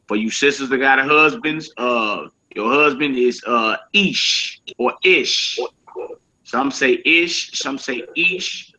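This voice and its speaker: Slow, bright-voiced man teaching vocabulary. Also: mid-range voice. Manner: slow, repeats each word, casual slang. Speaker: Hebrew teacher. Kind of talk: casual vocabulary lesson. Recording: dull lo-fi sound.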